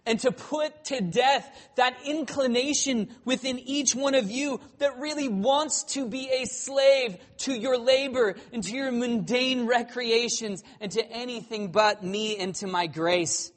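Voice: mid-range voice, a little slow, few pauses, voice pushed up, lightly acted. A preacher voicing God in first person within a sermon, declaiming emphatically. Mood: gracious. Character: God as the preacher imagines him speaking. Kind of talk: quoted speech within a sermon.

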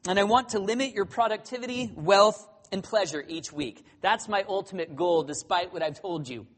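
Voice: mid-range voice, normal speed, natural voice. A preacher voicing God in first person within a sermon, declaiming emphatically. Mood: despotic. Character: God as the preacher imagines him speaking. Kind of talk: quoted speech within a sermon.

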